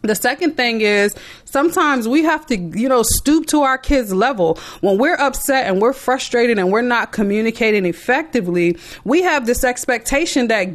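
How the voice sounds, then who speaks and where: A middle-aged woman speaks earnestly to fellow parents, her voice sitting at an ordinary pitch. She talks in an emphatic, conversational way, pressing her points home as she advises. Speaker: parent giving advice. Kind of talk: motivational talk to parents.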